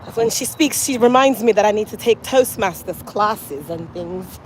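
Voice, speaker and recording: A woman's voice: medium pitch, expressive, moderate pace, slight background noise. Teasing woman host, slangy banter. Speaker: hair care channel host. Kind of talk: casual chat to viewers.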